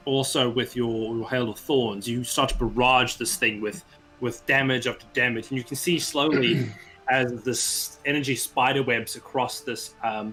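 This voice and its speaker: A man's voice: medium pitch, sharp tone. A man narrating scenes and calling for rolls as game master, encouraging the players. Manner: descriptive, encouraging, with fillers.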